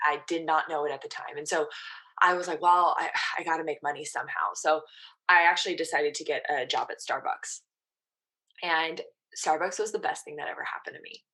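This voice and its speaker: Woman in her thirties, podcast guest; low, forceful voice, lively story-driven delivery. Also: a little fast. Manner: animated, quotes her own past thoughts. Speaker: guest, mental performance coach. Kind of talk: casual storytelling in a podcast interview.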